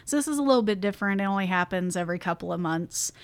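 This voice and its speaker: A woman's voice: mid-range voice, racing, no room sound. A woman co-hosting a podcast, telling stories in casual chat with lots of laughter. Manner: animated storytelling, laughs often. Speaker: podcast co-host.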